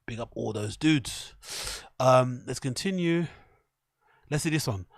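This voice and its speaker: A man's voice: mid-range voice, animated, a little slow, vocal fry, no echo, clean studio sound. A man hosting a stream, loosely reacting to clips and reading a news story aloud, swearing often. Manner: loose and profane, riffing on clips. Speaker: streamer host. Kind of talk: casual stream commentary.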